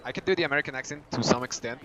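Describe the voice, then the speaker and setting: A man's voice: mid-range voice, rapid-fire, lo-fi sound, heavy background noise. A man with a heavy Spanish accent streaming a video game, chatting casually and thinking aloud with frequent restarts. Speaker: gaming streamer. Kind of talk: casual gameplay chat. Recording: game music behind the voice. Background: game music.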